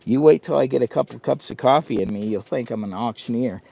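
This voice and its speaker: A man's voice: mid-range voice, quick pace, vocal fry, warm tone. A man chatting on a live stream from a heated winter tent, rambling and laughing often at himself. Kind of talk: casual live-stream chat.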